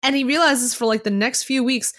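A woman co-hosting a podcast, excitedly recapping a novel in casual chat and swearing casually along the way. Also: sits high, brisk. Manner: animated, excitable storyteller who swears casually. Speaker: podcast co-host.

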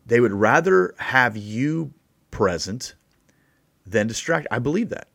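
A man hosting a podcast, giving a casual devotional talk with animated bursts and quiet asides. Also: lowish voice, no room sound, clean studio sound. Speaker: podcast host and preacher.

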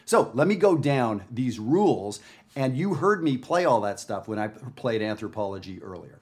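A man from Canada talks through a jazz lesson to camera. He speaks in a conversational way, stressing his points and checking in with the viewer. His voice sits at a middling pitch. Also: sing-song, normal speed, a little mellow. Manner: conversational, emphatic, frequent "right?". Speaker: jazz music teacher. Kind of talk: casual video lesson. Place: home studio with his dog.

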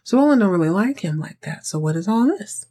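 A woman's voice: mid-range voice, animated, fairly quick, warm tone, slightly rough. Sassy woman recapping a show. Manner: sassy, slangy, conversational. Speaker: podcast host recapping a TV show. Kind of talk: casual recap chat.

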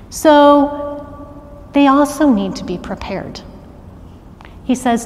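A middle-aged woman preaching a sermon, animated and asking the congregation to call out answers. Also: a little high, drawn-out words. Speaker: worship arts director preaching. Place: church sanctuary. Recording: long reverb of a large church hall.

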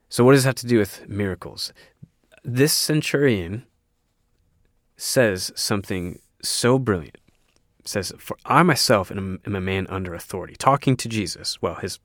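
A man preaches a sermon in an earnest, sometimes halting way, reading scripture aloud between his own thoughts. His voice sits low with a gravelly fry, and the sound is dry and close. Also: no echo. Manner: hesitant fillers and restarts. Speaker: pastor.

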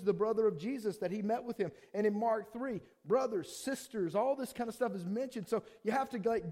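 A man preaching a sermon to a congregation in a casual, animated way, acting out quick voices of people. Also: high voice. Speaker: pastor.

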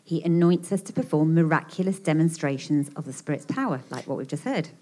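A woman's voice: low-pitched, fairly quick, warm tone. A woman co-teaching a session at a church retreat, encouraging listeners and reading list points in turn. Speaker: retreat speaker. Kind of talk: sermon teaching.

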